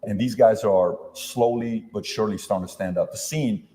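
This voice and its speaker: A man's voice: lowish voice, moderate pace, warm tone, in a large hall. A man hosting a podcast, telling stories loosely with many fillers and acted-out dialogue. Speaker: podcast host. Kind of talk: conversational interview.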